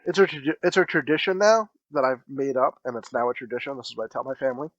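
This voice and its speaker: A man's voice: medium pitch, quick pace, a bit bright, dry recording, highs cut off. A man co-hosting a podcast, joking around with profanity and frequent laughter in casual chat. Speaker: podcast co-host.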